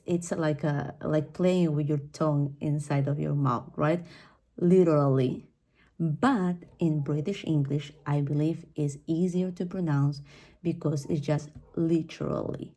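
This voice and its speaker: A woman's voice: low voice, dark tone. A woman who speaks Spanish as her first language, with a Spanish accent, teaching English pronunciation on a podcast in a chatty way, full of fillers and asides like "right?" and "okay?".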